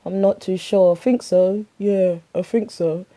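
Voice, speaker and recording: A man's voice: high voice, steady tone, measured pace, dark tone. A woman voicing a sullen teenage son who gives short, mumbled, reluctant replies to his mum.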